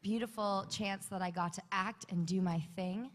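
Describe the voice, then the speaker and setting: A woman's voice: medium pitch, fairly even intonation, normal speed. A woman chats on a convention panel in a candid, reflective way, with some teasing now and then. Her voice carries the long reverb of a big hall. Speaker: panel guest actor.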